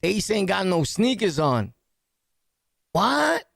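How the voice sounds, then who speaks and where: Podcast host, male, New York accent, high fry-edged voice, slangy animated storyteller. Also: a little slow, dry recording, studio quality. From New York City. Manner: animated, slangy, punchy storytelling with sound-effect words. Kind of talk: storytelling jail anecdote.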